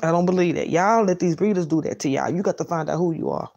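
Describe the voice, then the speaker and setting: A woman's voice: on the low side, quick pace, vocal fry, a little mellow, lo-fi sound. A woman, bluntly lecturing her viewers in a motivational rant and repeating lines for emphasis. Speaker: vlogger.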